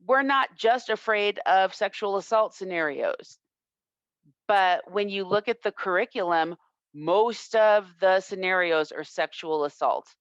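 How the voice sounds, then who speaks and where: A woman self-defense instructor telling a personal story in an interview, reflective and earnest with halting restarts. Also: medium pitch, clear, resonant tone, dry recording. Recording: dull lo-fi, dry sound.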